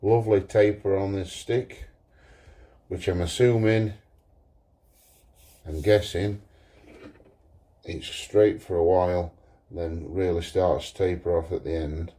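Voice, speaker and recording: Man, workshop vlog, deep voice, mellow tone, easygoing, thinks aloud. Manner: relaxed, thinking aloud, unhurried. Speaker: pipe maker.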